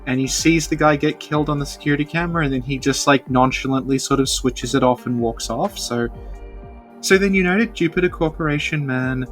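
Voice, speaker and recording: A woman's voice: extremely low pitch, fairly quick, soft background music. A woman co-hosting a casual podcast, recapping with dry sarcasm and frequent laughs. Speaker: podcast co-host.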